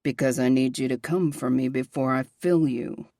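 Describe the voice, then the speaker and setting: A woman voicing a possessive young man, murmuring low and intimately in a romance audiobook. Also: moderate pace, vocal fry, dark tone, no echo, clean studio sound.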